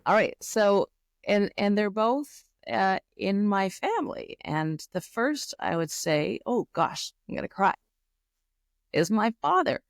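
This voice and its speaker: A woman's voice: mid-range voice, expressive, dry recording, studio quality. Thoughtful middle-aged Canadian woman. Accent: Canadian English. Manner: thoughtful, unhurried, many "you know" fillers. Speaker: podcast guest. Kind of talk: reflective interview storytelling.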